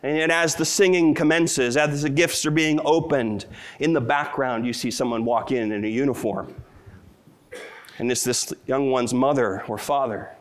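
A man's voice: medium pitch, moderate pace. A middle-aged man preaching a sermon as pastor, earnest and tender, rising to emotional peaks.

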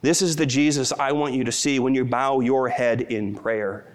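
A man's voice: medium pitch, fairly even intonation, moderate pace. Male pastor, middle-aged, earnest sermon, tender delivery, swells with feeling. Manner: earnest, tender, builds to emotional peaks.

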